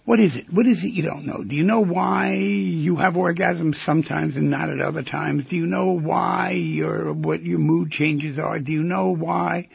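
Gravelly, husky man hosting a call-in show. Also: fairly high pitch, moderate pace, hardly any pauses, dry recording, dull audio. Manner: questioning, teasing, animated with sudden loud bursts. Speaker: radio call-in host. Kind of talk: talk radio monologue.

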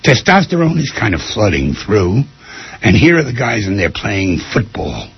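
A man speaks in a casual, storytelling talk with a rough, gravelly and deeply husky voice. His pitch jumps around a lot as he acts out the people in his stories. The recording sounds somewhat dull and lo-fi. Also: normal speed. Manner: animated storytelling, acting out quotes. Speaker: speaker giving a talk on anger.

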